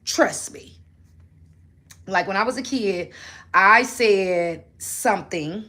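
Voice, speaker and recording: A woman's voice: medium pitch, slow pace, sharp tone. A woman, hosting a casual motivational livestream. She preaches and talks in slang, firing direct questions at her viewers.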